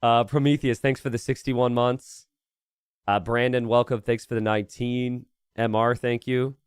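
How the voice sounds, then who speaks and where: A man's voice: medium pitch, steady tone, normal speed, clean tone, dry recording. Male live-stream caster: chatty, rambling, thinks aloud to chat, dead-dry close mic. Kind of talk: casual live-stream commentary.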